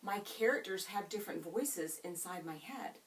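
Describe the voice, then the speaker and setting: A woman teacher of medium pitch, recorded from a distance by a camera in the room, runs a reading lesson. She quizzes her students and stretches key words in a drawn-out, expressive teacherly style.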